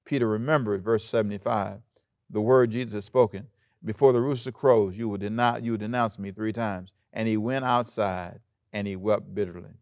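A man pastor preaching a sermon in an animated way, acting out quoted lines and chuckling often. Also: on the low side, moderate pace, no room sound.

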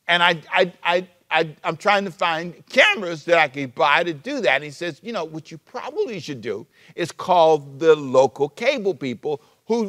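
A male pastor preaching a sermon, animated and repeating himself as he restarts phrases. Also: sits high. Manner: animated preaching, sudden shifts between loud emphasis and soft asides.

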